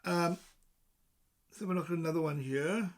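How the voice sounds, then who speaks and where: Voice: mid-range voice, normal speed. A presenter from South Wales with a South Welsh accent, explaining things in a chatty, casual way and reading points from a list with asides.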